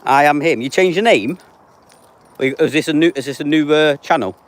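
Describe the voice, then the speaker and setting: On his live stream, a chatty Englishman in his 30s responds straight to the chat, naming viewers and replying offhand. His voice runs on the high side at a moderate pace.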